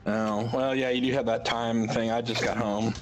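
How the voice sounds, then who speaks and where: A man's voice: medium pitch, little pitch movement, moderate pace, soft background music, rough recording. A man chatting over voice chat during a game, teasing and laughing. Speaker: regular stream guest. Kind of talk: casual gaming chat.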